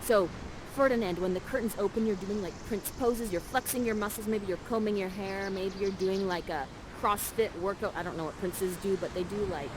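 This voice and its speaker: In live immersive theater, a young woman acts as an interactive narrator guiding the audience in a bubbly, casual way, saying "like" constantly. Her medium-pitched voice is fairly quick, with background noise behind it.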